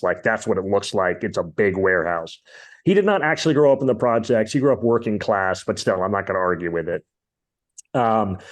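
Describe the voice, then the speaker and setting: A man hosting a podcast, chatting casually about music in an opinionated, rambling way full of fillers. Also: on the low side. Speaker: podcast host.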